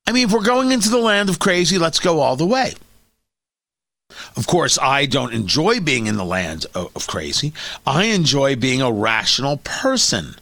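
A man's voice: on the high side, bright, forceful tone, no room sound. A man hosting a talk radio show, delivering an opinionated monologue with sarcastic, mocking asides.

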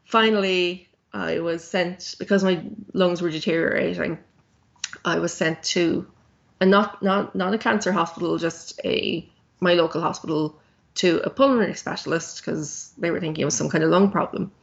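Candid woman with a gravelly voice. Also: lowish voice, steady tone, moderate pace, dull audio. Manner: candid, plain-spoken, frequent ums. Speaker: guest. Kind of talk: telling her story in a podcast interview.

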